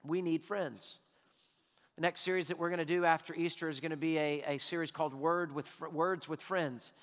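A man preaching a sermon as pastor, emphatic and drawing out his words with pauses. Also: fairly high pitch, steady tone, a bit bright. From Texas. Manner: emphatic, with long drawn-out pauses. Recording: hall reverb.

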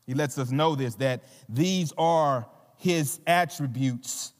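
Taking it slowly, a man with a fairly high voice and a Southern American accent preaches in a church sanctuary with a long reverb tail. The visiting pastor addresses the congregation playfully and conversationally, with many fillers and restarts.

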